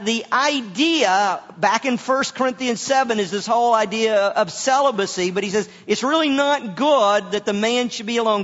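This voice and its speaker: A male pastor preaching a sermon, halting and often repeating his words. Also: very high voice, a bit bright, long reverb tail, dull audio.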